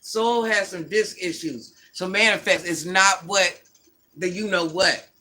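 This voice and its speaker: An older woman's fairly low voice comes across pushed and bright as she hosts a casual livestream at an unhurried pace. Her replies to viewer comments are blunt and scolding, full of sass.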